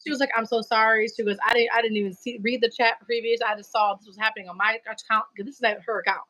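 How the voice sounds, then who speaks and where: A woman hosting a live stream, chatting casually and telling animated stories full of slang and acted-out quotes. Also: on the high side, fast talker, no room sound, poor audio. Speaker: livestream host. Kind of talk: casual chat.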